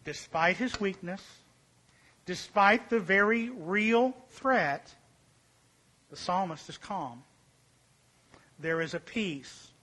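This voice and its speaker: A man preaching a sermon, stressing key phrases by repeating them and slowing down, with his voice falling softer at the ends of points. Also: sits high, expressive. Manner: emphatic, repeats key phrases, slows and drops to a hush for emphasis.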